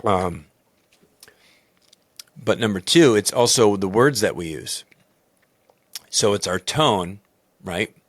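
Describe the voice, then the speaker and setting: A man, a baseball coach and podcast host, talking candidly and in a rambling, self-critical way in a loud booming voice. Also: lively intonation, slow, pauses often, no echo, clean studio sound. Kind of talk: personal reflective podcast talk.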